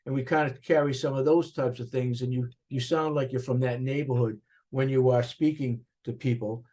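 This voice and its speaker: An older man speaks in a thick Boston accent, animated and expressive as he reminisces in an interview. His mid-pitched voice wanders through restarts and asides. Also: moderate pace. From Boston area, USA. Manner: animated, talks with his hands, rambling restarts. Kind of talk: reflective interview recollection.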